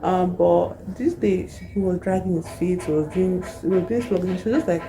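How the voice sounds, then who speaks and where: A woman's voice: lowish voice, normal speed, music in the background, rough recording. A woman, casually retelling a novel's plot in a rambling way full of asides. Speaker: book reviewer.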